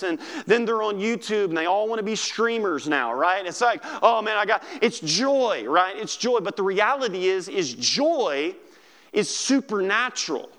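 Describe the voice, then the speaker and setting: A man preaching a sermon, conversational and animated, checking in with "right?" and acting out scripture voices, with loud emphatic moments and soft quiet stretches. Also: high voice. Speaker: pastor.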